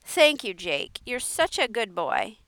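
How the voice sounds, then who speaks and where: A woman's voice: slow pace, no echo, full character voice. A woman reading a story aloud, putting on a fussy, gushing older aunt who has been baking. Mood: doting. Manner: fussy, gushing, high and excited. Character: flustered, doting older aunt who bakes.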